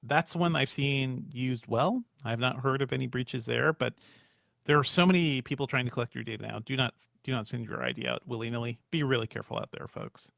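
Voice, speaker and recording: A man's voice: mid-range voice, fairly quick, gravelly, fairly bright tone, no room sound, studio quality. A man co-hosting a podcast, chatting casually and pressing his points with repeated warnings. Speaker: podcast co-host.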